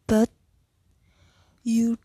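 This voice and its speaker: A woman's voice: very slow, warm tone, dry recording. A woman playing a proud grumpy king lion. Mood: mocking. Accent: Indonesian.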